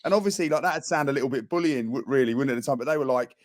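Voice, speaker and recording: A British man with a mid-pitched voice chatting on a podcast. The sound is dry and close, and he rambles, repeating words as he goes. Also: very fast, dry recording. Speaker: podcast co-host, ex-footballer. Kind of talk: casual chat.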